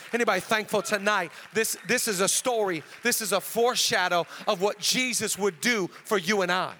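A man's voice: high-pitched, pushed and bright. A male pastor preaching a sermon to a congregation, storytelling and building to passionate, rhythmic repetition. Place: church service before a congregation.

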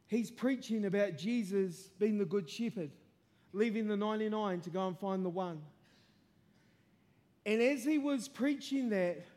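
A man preaching with a strikingly high voice for a man. He tells his testimony with earnest feeling and rises to impassioned, shouted declarations. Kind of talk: testimony sermon.

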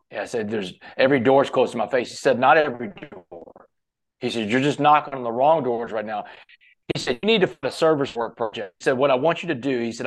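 Casual storytelling man. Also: mid-range voice. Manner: quotes others at length, casual, says "man" often. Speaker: podcast guest. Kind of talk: conversational storytelling.

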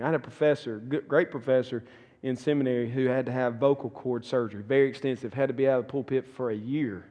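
A man's voice: mid-range voice, a little mellow. A middle-aged man with a Southern US accent, a pastor teaching a church class in a folksy, earnest way that repeats words and restarts. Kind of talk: conversational teaching talk. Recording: long reverberant room echo.

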